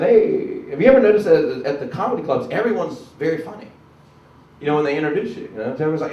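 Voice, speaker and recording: Pitched on the high side, his sing-song voice races along quickly in dull-sounding audio. He's a South Carolina man with a Southern drawl doing self-deprecating, conversational stand-up in a club, bursting into loud announcer voices. The recording is echoey, shot from a distant camera.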